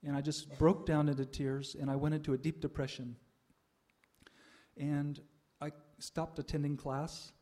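An older man giving a reflective personal testimony to an audience, pausing often with "uh" and soft laughs. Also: fairly high pitch, little pitch movement. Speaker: speaker sharing a spiritual life story.

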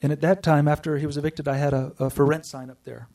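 A man giving an earnest personal testimony to a group, telling his story with pauses and restarts. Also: on the high side, flat delivery, mellow, recorded from a distance. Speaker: speaker sharing a personal spiritual story.

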